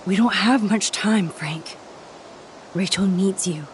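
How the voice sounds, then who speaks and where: Actress as a calm, pleading young heroine; mid pitch, game dialogue, faint noise behind. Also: female voice, slow, lightly acted. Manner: soft-spoken, pleading. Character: earnest young woman, calm and persuasive. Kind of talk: video game voice acting.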